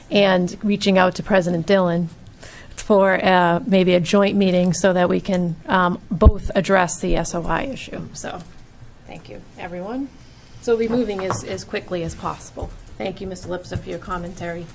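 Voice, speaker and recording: A woman's voice: on the low side, vocal fry. A woman with a Boston-area accent chairs a school committee meeting, reading a long list of names and topics and stumbling now and then. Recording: light background noise.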